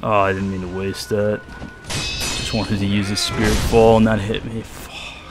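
A man's voice: on the low side, level tone, normal speed. A man giving gameplay commentary, swearing often and muttering in exasperation. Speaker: gamer. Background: game music.

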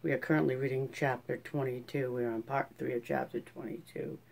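A man reading a classic novel aloud in a steady, measured audiobook narration. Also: mid-range voice, gravelly. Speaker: audiobook reader.

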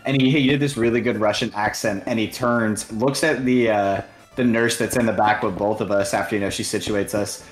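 Lowish laid-back man in echoey room. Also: steady tone, fairly quick. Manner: laid-back, rambling anecdotes. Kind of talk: casual chat. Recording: echoey room with faint music.

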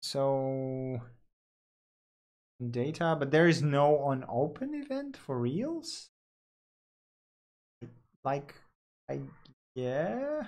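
A man's voice: mid-range voice, lively intonation, drawn-out words, long pauses, darkish tone. A man talking through live coding on screen, thinking aloud with fillers and self-corrections.

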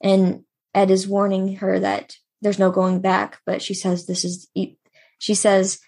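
A woman's voice: mid-range voice, measured pace, breathy edge. A woman co-hosting a podcast, animatedly retelling scenes from a comic and laughing often. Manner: animated storyteller, acts out quoted lines, laughs often. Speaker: podcast co-host. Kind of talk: casual chat retelling manga scenes.

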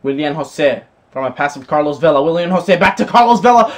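Young male gaming creator, high-voiced, excitable play-by-play of a football video game, shouts at big moments. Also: fairly quick, hardly any pauses, a little hiss or hum. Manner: keeps calling his viewers "boys". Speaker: gaming YouTuber.

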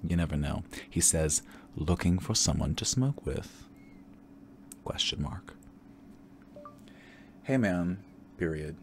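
A man rambling candidly and campily in a relaxed ASMR chat, drifting into soft whispers, tired and a little tipsy. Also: low voice, a little slow, gravelly, slight background noise. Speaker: ASMR creator.

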